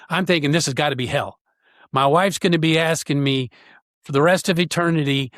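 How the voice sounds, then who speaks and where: A man, a podcast guest, telling a personal story in an earnest, halting way with frequent pauses. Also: fairly high pitch, a bit bright, no echo, studio quality.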